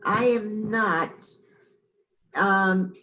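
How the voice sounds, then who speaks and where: A woman's voice: mid-range voice, very slow, sharp tone, highs cut off. A woman co-hosting a local public access talk show, earnest and opinionated in casual chat. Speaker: co-host.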